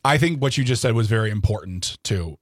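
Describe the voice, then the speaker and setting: A man's voice: lowish voice, animated, fairly quick, dry recording, clean studio sound. A man co-hosting a radio talk show, joking and adding wry asides in a casual chat. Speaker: radio co-host. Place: radio studio. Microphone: studio microphone.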